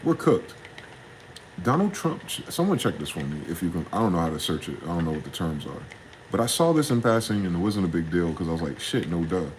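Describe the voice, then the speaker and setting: A young man, ranting in a casual, profane solo monologue, jumping from heated questions to low muttering. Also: very animated, fast, a little hiss or hum, rough recording. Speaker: podcast host.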